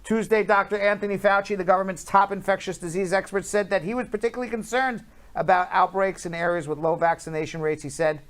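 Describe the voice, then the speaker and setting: A man's voice: high voice, steady tone, fast, a bit bright. Chatty male talk show host. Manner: chatty, jokey, drawls out numbers. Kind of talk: casual news chat.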